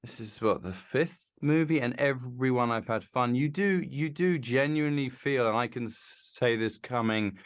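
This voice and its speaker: A man talking as an actor and co-creator in an interview, earnest and halting, often restarting his sentences. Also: medium pitch. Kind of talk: casual interview chat.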